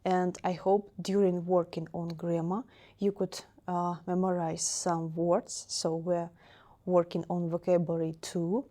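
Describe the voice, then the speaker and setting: Russian-accented woman teaching a beginner class, kinda low voice, says every word twice. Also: mellow. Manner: slow, repeats each word several times. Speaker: language teacher. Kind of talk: beginner language lesson.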